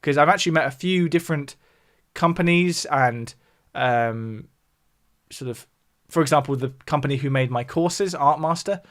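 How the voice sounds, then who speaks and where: A music YouTuber hosting a livestream talks at a moderate pace in a fairly bright voice on the high side. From the south of England and speaking with that accent, he keeps it casual and explanatory, replying to viewer chat between points.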